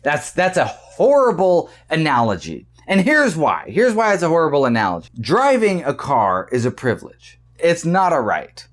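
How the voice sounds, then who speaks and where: A man hosting a casual commentary vlog, animated and often repeating words as he argues his point. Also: on the high side, normal speed, hardly any pauses. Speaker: vlog host.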